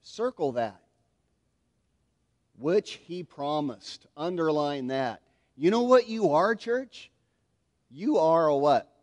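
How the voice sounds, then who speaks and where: A man's voice: on the high side, takes it slowly, pauses often. A man preaching a sermon to his congregation, asking them to answer back and acting out scenes as he goes. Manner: animated preaching with call-and-response to the congregation. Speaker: pastor. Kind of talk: expository sermon. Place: church sanctuary. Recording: long hall reverb.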